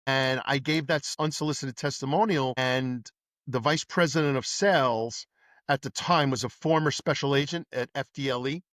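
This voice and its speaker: As a podcast guest, this middle-aged ex-detective from New York talks casually about his years on the police force, voicing the characters in his animated tales. He speaks at a moderate pace with a mid-range male pitch, recorded close and dry with no room sound.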